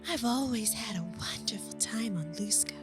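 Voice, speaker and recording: A woman voicing a flirty, swaggering sailor who talks in a soft, breathy half-whisper. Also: fairly high pitch, normal speed, over music, voice pushed up, close to an everyday voice. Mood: sultry.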